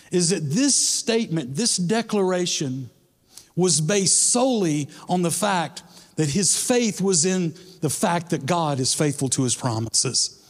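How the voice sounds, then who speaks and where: A pastor preaches in a relaxed, chatty way, dropping slang into his sermon. His voice sits a little higher than most men's. A long reverb hangs on his words, as in a big sanctuary. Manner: casual, conversational preaching with slang. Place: church sanctuary.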